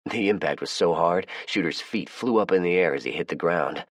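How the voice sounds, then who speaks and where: A man narrating a first-person audiobook in a measured, plain storytelling manner. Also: deep voice, no room sound, clean studio sound.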